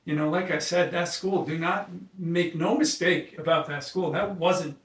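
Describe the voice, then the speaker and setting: A man's voice: on the high side, fairly even intonation, fairly bright tone. A man, an occupational therapist and founder, talking in a casual conversation. He tells earnest, emotional stories and often restarts his sentences. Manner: halting restarts. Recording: echoey room, mic at a distance.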